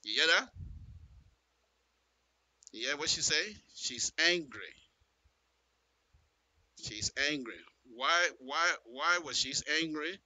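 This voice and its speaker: A man talks on live radio, reading a statement aloud and reacting with emphasis and repetition. His voice is very bright and swings widely in pitch. The sound is dry and close. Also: takes it slowly, long pauses, no echo, rough recording. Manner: animated, emphatic, repeats phrases, chuckles. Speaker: commentator.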